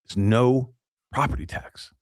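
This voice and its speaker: Animated ranting man in a dry room. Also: mid-range voice, a little slow, no echo. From New York. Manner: animated, ranting, laughs often. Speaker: podcast host. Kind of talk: casual chat.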